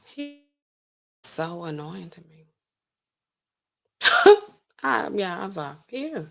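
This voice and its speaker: Woman host, casual livestream chat, sassy and talkative, bright tone. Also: fairly low pitch, very animated, measured pace, gravelly. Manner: chatty, sassy, talks to chat, laughs incredulously.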